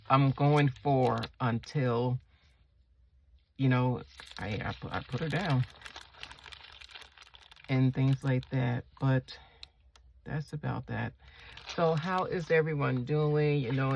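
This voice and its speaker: A woman with a gravelly, unhurried voice talks through her planner decorating at home. She rambles easily and keeps turning to viewers with questions. Faint keyboard clicks sit in the background. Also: a bass voice, slight background noise. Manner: chatty, asks viewers questions; rambling, slow and relaxed. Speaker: planner vlogger. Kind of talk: casual chat while decorating a planner.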